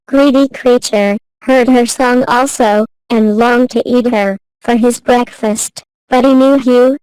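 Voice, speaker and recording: A woman narrating a classic fairy tale in a slow, careful, even reading voice. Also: fairly high pitch, clear, resonant tone, no echo, low-quality recording. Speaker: storyteller.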